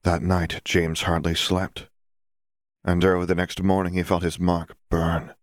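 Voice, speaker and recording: A man narrates a story at a steady, deliberate pace. His voice is deep and low. The recording is dry, with no room echo.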